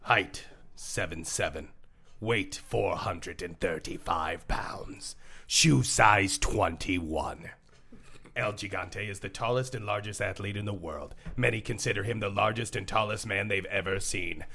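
A man voicing a mock announcer in a put-on accent, reading a trading card slowly. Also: fairly low pitch, vocal fry, sharp tone, slightly rough, voice pushed down, exaggerated voice. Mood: mock-grand.

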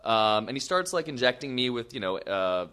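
A young man telling an embarrassing story on stage, animated and self-deprecating, with frequent asides. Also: medium pitch, normal speed, clean tone. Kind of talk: live comic storytelling.

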